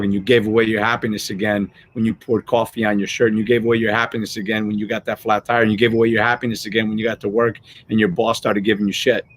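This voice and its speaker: Animated, cursing man giving a motivational talk. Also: fairly low pitch, a little hiss or hum. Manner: animated, swears freely, acts out everyday scenarios. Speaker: host of a motivational live show.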